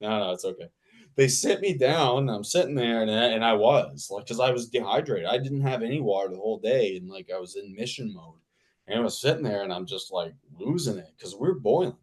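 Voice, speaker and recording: A man, an actor guest, telling a casual anecdote in an animated way, repeating himself and laughing as he talks. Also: on the low side, fairly quick. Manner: animated, repetitive, laughing mid-sentence.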